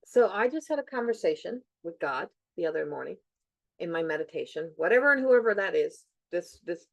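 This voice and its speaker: A woman's voice: on the low side, big pitch swings, brisk, gravelly, dry recording, muffled recording. A middle-aged woman hosting a podcast, talking in an earnest, reflective way and repeating phrases for emphasis. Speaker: podcast host. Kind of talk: reflective casual chat.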